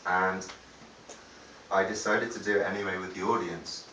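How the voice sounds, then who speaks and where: Lowish-voiced guy rambling onstage between songs, lots of ums and swearing, echoey gig room from far off, music around. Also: fairly even intonation, moderate pace, pushed and bright. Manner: rambling, hesitant, swears freely. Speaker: singer-songwriter performing live. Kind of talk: stage banter between songs. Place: live music venue. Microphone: far-off audience camera.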